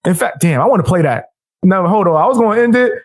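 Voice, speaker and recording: Mocking streamer, slightly high voice. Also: male voice, animated, fast talker. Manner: mocking, trash-talking. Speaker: streamer reacting to a debate clip. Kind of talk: casual reaction commentary.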